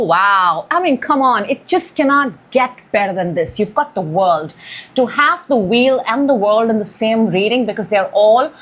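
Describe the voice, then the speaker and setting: A woman giving a weekly tarot reading, musing and intuitive, drawing out key words. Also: medium pitch. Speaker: tarot reader.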